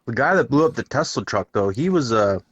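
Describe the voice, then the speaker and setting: A man co-hosting a podcast, mostly chiming in with short, low-key agreements and brief remarks. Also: expressive, brisk, lo-fi sound, noisy background. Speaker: podcast co-host. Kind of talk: casual chat.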